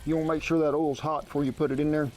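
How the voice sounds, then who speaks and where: A man with a drawl walks viewers through a recipe in a homespun, colloquial way. His voice sits a bit high for a man. A faint noise runs behind him. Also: little pitch movement, very fast, darkish tone. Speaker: cooking show host. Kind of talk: folksy cooking demonstration. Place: outdoor cooking setup.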